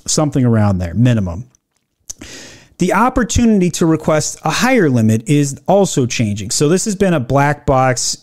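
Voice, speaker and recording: A man talks through business news in an opinionated, emphatic way, leaning on sarcasm. His voice sits a little high for a man. He slows down to read quoted lines, then picks the pace back up to pick them apart. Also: darkish tone. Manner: reads quoted policy text slowly, then riffs. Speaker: e-commerce commentator.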